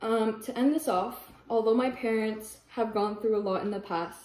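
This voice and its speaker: A woman's voice: on the high side, normal speed, a little mellow, roomy sound, rough recording. A teenage girl giving a mock audition speech in a stop-start way, often breaking into giggles. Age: teens. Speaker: teen filming a prank on her parents.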